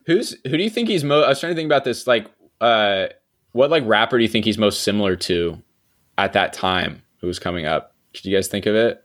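A young man hosting a podcast, recapping a TV episode in a relaxed, chatty way, often laughing and trailing off quietly. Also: fairly low pitch, fairly quick. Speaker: podcast host. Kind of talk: casual chat recapping a TV episode.

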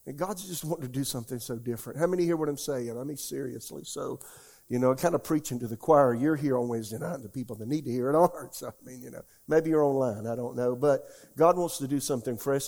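A man's voice: on the high side, creaky, dark tone. An older man preaching a sermon as pastor, folksy and emotional, tearful at times, often repeating himself.

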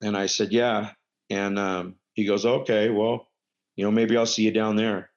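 In a fairly low voice with little pitch movement and a moderate pace, a middle-aged former pro wrestler rambles through casual stories, full of fillers and self-corrections. The sound quality is dull and lo-fi.

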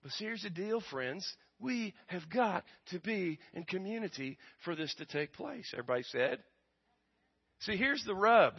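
This male pastor speaks with a high, breathy voice that swings widely in pitch, at an ordinary pace and with an American accent. He questions his congregation and waits for them to answer, his delivery rising loud and falling soft in call-and-response fashion. The audio is lo-fi and muffled.

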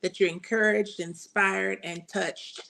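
A woman answers interview questions in a mid-range voice. She is earnest and speaks with faith. She gets excited easily as she explains. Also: medium pitch, slow, gravelly. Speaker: guest, publishing CEO.

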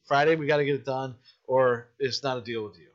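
A man who makes independent films, telling stories in casual podcast chat, animated and full of swearing. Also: mid-range voice, brisk, highs cut off. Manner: profane, animated storytelling. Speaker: independent filmmaker.

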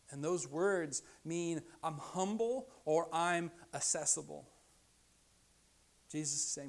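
Man preaching, soft to loud swings. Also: on the high side, slow, creaky. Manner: dynamic, drops to hushed softness for quoted invitations and rises loud when emphatic. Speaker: pastor. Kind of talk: sermon.

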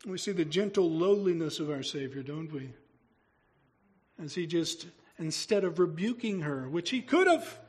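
A man's voice: fairly high pitch, animated, normal speed, breathy edge. A male pastor preaching a sermon, talking through the story in a conversational way and asking his congregation rhetorical questions.

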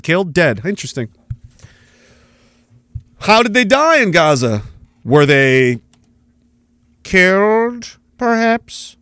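A man's voice: fairly high pitch, fairly bright tone, no room sound. A man hosting a podcast, ranting sarcastically and with heavy profanity while commenting on news clips. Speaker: podcast host.

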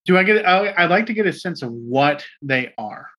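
A man's voice: sits high, animated, normal speed, fairly bright tone, breathy edge. A man playing a tabletop game, speaking hesitantly with many fillers. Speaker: player. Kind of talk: casual tabletop play.

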